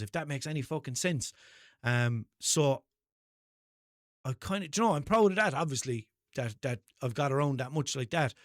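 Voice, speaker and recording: A man's voice: on the high side, no room sound, studio quality. A young Irish man with a Limerick accent, rambling through sweary, self-mocking stories on his solo podcast. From Ireland. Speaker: podcast host. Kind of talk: casual solo podcast monologue.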